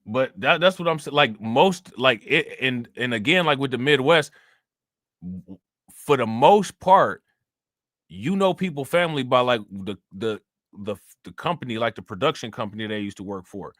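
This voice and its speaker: A young man with an expressive, mid-range, fairly bright voice chats at a moderate pace on his livestream. The commentary is casual, profane, and wandering as he replies to viewers, recorded dry with clean studio sound.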